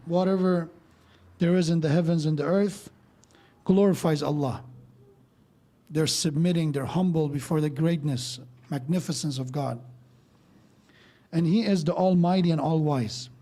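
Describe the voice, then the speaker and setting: Man preaching at a mosque, kinda high but mellow voice, walks thru verses and tells little stories. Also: measured pace, long pauses. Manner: explains verses step by step, tells stories with quoted dialogue. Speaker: speaker at a mosque. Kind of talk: sermon.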